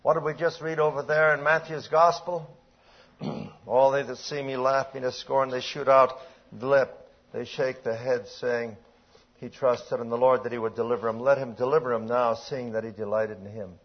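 An older man preaching a sermon, reading old-style scripture aloud and swinging between hushed, drawn-out lines and emphatic, raised passages, often clearing his throat. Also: medium pitch, little pitch movement. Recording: dull lo-fi recording.

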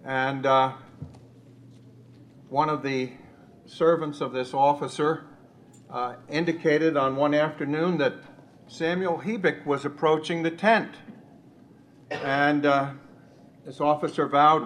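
A man in a Bible study, slowly recounting a missionary story with many pauses and fillers. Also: a little high, steady tone, fairly bright tone, slight background noise. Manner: slow, measured storytelling with frequent uh fillers.

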